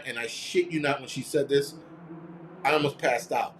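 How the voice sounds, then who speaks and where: Man, live-stream host, casual rant, profane, blunt, mid-pitched voice, responds to comments. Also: moderate pace, slight background noise. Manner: mimics others in quoted voices.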